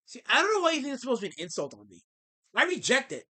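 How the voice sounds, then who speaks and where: A man hosting a livestream, ranting at his chat in a theatrical, mock-indignant way and swinging between loud outbursts and low mutters. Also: wildly swooping pitch, rapid-fire. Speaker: livestream host.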